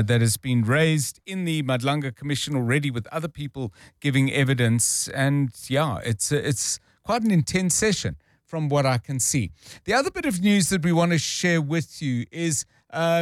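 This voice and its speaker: A man's voice: mid-range voice, dry recording. Picture a man hosting drive-time talk radio, speaking plainly and conversationally into a studio mic. His voice sits mid-range, and the sound is close and dry. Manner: conversational, explains news plainly. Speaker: radio talk show host. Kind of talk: live talk radio, taking calls and previewing news. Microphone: studio microphone.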